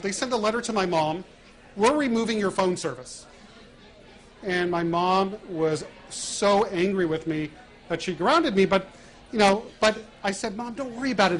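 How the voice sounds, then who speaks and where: High-voiced man telling prank stories. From United States. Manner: animated storyteller acting out prank calls with laughs. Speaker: guest speaker. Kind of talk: storytelling talk.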